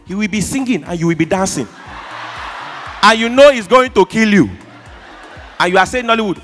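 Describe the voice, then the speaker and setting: A man with a Nigerian accent doing stand-up comedy on an awards show stage, shouting punchlines and mimicking squealing fans. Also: high-pitched, brisk, faint music behind.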